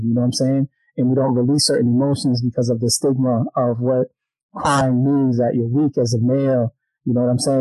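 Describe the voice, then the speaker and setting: A man's voice: medium pitch, warm tone, no room sound, poor audio. A male host who is a teacher, chatting casually and often adding "man" and "you know what I'm saying". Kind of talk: casual conversation.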